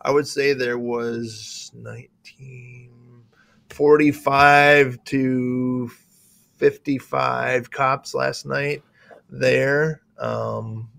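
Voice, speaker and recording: A middle-aged man with an Upper Midwest accent and a gravelly edge, chatting as a sheriff co-host. He rambles cheerfully and restarts sentences as he goes. The sound is dry and close. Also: mid-range voice, flat delivery, drawn-out words, a bit bright, no room sound. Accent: Upper Midwest American. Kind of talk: casual chat.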